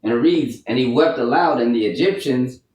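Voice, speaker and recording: A man's voice: medium pitch, normal speed, darkish tone. Man reading scripture in a roomy space. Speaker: scripture reader.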